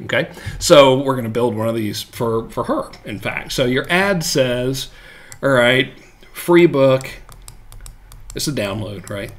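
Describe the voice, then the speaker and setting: Casual male marketing coach, average pitch, loose and jokey, chatty check-ins with the viewer. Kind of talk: casual live-streamed teaching.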